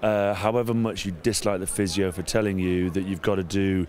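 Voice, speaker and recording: A middle-aged English man, a former rugby player, chatting in an outdoor interview, self-mocking and growing animated. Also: low voice, a little fast, a little hiss or hum. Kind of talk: casual interview chat. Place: outdoors at a sports venue.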